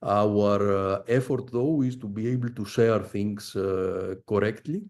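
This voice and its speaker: Middle-aged male professor presenting research, dark mellow voice, halting delivery full of "uh"s. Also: fairly low pitch. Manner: halting, frequent "uh" fillers. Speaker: visiting professor giving a research talk. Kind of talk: academic presentation.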